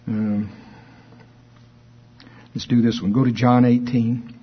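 A man's voice: medium pitch, level tone, slow pace, slightly rough. A man teaching from the Bible in a sermon, explaining verses conversationally with asides. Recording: dull lo-fi recording.

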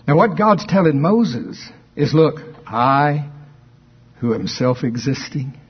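Guy preaching, husky voice, chatty way of walking through verses, kinda dull lo-fi sound. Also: fairly high pitch, expressive, slow. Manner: conversational, explaining scripture with asides. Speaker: Bible teacher. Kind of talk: sermon. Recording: dull lo-fi recording.

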